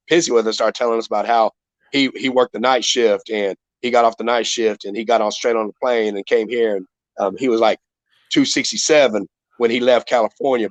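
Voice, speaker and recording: A middle-aged man with a drawl spins a rambling, profane story about a fight, full of restarts. His voice sits at an ordinary pitch. The recording is dry and slightly muffled, like a home podcast mic. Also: dry recording. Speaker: retired MMA fighter guest. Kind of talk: casual storytelling.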